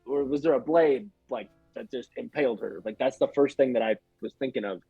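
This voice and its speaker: Husky young man, dull dry recording. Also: medium pitch, a little fast, no room sound, soft background music. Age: young adult. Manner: rambling, hedging with many "like"s. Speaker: podcast guest. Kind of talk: casual chat.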